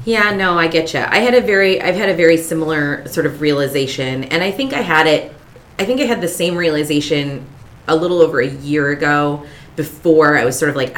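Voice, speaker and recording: A woman's voice: sits low, a little fast. A woman podcast co-host in her thirties, chatting frankly and swearing freely. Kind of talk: casual chat.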